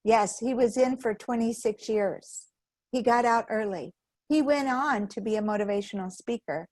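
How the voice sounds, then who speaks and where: Woman, sermon, conversational, acts out quoted voices, higher voice, dry sound. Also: moderate pace, darkish tone, no room sound. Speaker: guest speaker at a spiritual center.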